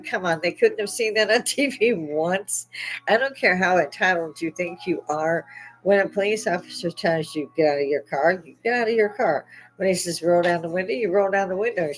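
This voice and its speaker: A woman's voice: low voice, poor audio. A middle-aged woman hosting her own show, telling a story in a blunt, profane way and often breaking into laughter. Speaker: podcast host. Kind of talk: casual storytelling monologue.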